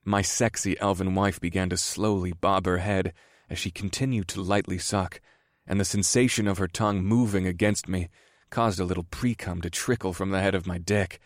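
Deep-voiced man reading slowly. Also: steady tone, no echo, studio quality. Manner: slow, low, measured reading. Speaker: narrator. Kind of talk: first-person audiobook narration.

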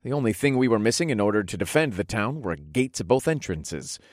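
A man narrating a first-person fantasy audiobook with expressive storytelling, softening for intimate moments. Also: fairly low pitch, a little fast, no echo, clean studio sound.

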